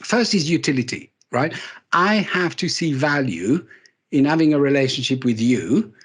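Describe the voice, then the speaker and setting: A man's voice: a little high, expressive, moderate pace, breathy edge. A man giving a live leadership talk to an audience, telling stories with self-deprecating humour and repeating key words for emphasis. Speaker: keynote speaker.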